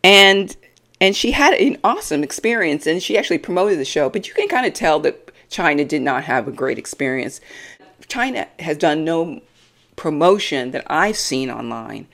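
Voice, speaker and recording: A woman's voice: sits low, very animated, normal speed, fairly bright tone. A woman reviewing a reality TV episode on her own, blunt, sassy and mocking in her opinions. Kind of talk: opinionated solo commentary.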